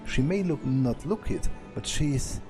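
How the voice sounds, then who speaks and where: A man's voice: mid-range voice, lively intonation, unhurried, music in the background, close to an everyday voice. A man voicing a formal, defensive house servant who speaks with suspicion. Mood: guarded. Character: stiff defensive loyal male house servant.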